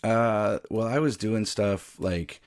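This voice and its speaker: Man, deep voice, casual podcast guest, rambling, dry studio sound. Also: slow, dry recording. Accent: neutral American, faint Southern. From American South. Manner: rambling, many restarts and fillers. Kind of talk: casual interview chat.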